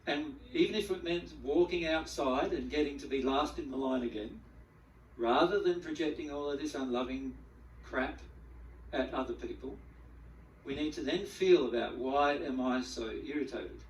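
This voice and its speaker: A man giving a spiritual teaching talk to a group, animated, acting out the feelings he describes and often repeating words as he goes. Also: a little high, moderate pace, slight background noise. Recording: echoey room, mic at a distance.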